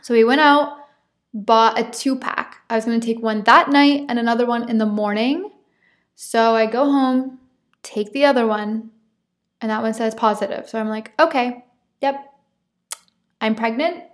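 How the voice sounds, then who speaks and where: A young woman, slightly high-voiced, talks through a personal story on her podcast. She is candid and open, laughs often and swears without a second thought. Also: fairly even intonation, moderate pace. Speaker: podcast host.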